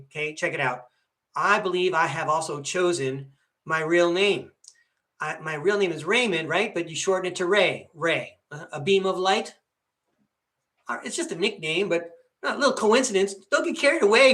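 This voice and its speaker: A man's voice: sits high, bright, forceful tone. An older man hosting a tarot podcast. He talks in a meandering live-stream monologue and keeps checking in with listeners by asking "okay?".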